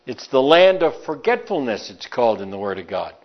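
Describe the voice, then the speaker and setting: A man's voice: mid-range voice, very animated, fairly quick, highs cut off. A man with a New York accent preaching a sermon and reading scripture aloud, stretching out words for emphasis.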